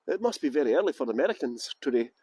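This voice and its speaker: A man's voice: mid-range voice, a little mellow, slightly rough, dry recording. A Scottish man guiding a live-streamed walking tour outdoors in a garden, greeting viewers by name with jokey, self-mocking banter. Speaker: tour guide.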